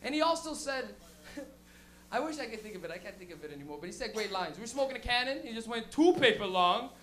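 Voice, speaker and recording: A young man doing a loose, crude stand-up set on a comedy club stage with an animated storytelling manner. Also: high-pitched, quick pace, slight background noise.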